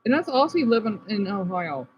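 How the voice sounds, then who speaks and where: A man from Arizona streams casually, reading chat comments aloud and reacting, swinging between subdued talk and excited outbursts. His voice is high and fairly quick, and the sound is lo-fi.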